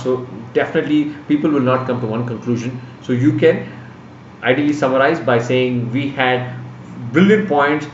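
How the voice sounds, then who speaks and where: A man runs a live online prep class, his voice sitting a little high for a man. He explains in an unhurried way, pausing often on "uh". The sound is echoey, dull and picked up from a distance. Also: slight background noise. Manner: calm, unhurried explaining with frequent "uh" pauses. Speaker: exam prep teacher. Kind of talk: live online class, answering student questions.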